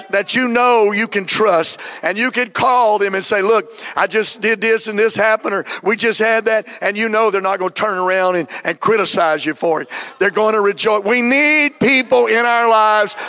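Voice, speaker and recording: A middle-aged male pastor delivers a sermon with fervent energy. His voice sits a little high for a man and swells into shouted emphasis, and he acts out quoted lines as he goes. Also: normal speed.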